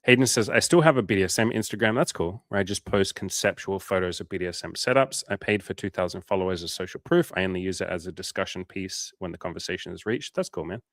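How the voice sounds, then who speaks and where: A man's voice: deep voice, fast talker, hardly any pauses, fairly bright tone, dry recording, clean studio sound. A man hosting a coaching livestream in casual chat. He reads out viewer comments and answers them with blunt, profane, frank advice.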